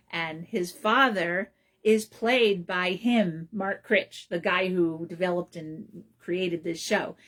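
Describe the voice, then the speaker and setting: Woman host, middle-aged, lower pitch, loose rambling solo chat. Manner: rambling, with many ums and restarts. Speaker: radio show host. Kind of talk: casual solo talk.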